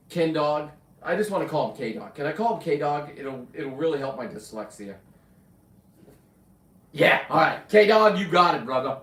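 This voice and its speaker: Brief: casual male streamer, rambling chat, roomy room, mic some distance off. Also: medium pitch. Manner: casual, chatty, rambling, with restarts and cussing asides. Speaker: livestream host, spearfisher and taxidermist.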